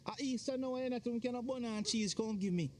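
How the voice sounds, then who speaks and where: An actor playing Donovan, a jealous working Jamaican husband loudly complaining about his wife and the pastor. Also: extremely high pitch, brisk, a little hiss or hum. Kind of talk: Jamaican film drama acting.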